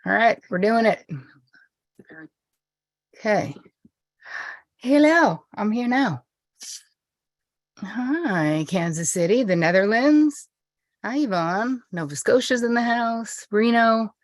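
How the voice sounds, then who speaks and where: A woman's voice: a little high, animated, takes it slowly, long pauses, no room sound, clean studio sound. A middle-aged woman hosting a live stream, chatty and bubbly as she greets viewers by name before a meditation. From United States. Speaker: host and therapist. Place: indoors at home.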